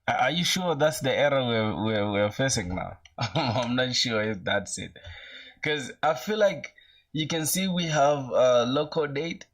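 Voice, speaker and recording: A young man in his twenties chatting casually with viewers while coding live, using relaxed slang and thinking aloud, with an occasional cough. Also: mid-range voice, unhurried. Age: young adult. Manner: laid-back slangy, greets chat, thinks aloud. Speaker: programming streamer.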